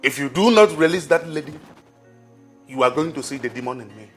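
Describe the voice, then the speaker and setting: A man's voice: on the high side, lively intonation, fairly quick, faint music behind, close to an everyday voice. An actor with a Nigerian accent playing a young man who firmly confronts and threatens a woman. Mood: confrontational. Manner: firm, demanding.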